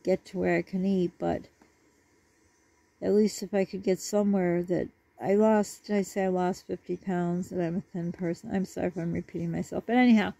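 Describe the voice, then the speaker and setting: A woman's voice: fairly low pitch, vocal fry, mellow, dry recording. A woman vlogger talking to her viewers in a rambling, apologetic way. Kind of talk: casual chat to camera. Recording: dull lo-fi dry recording.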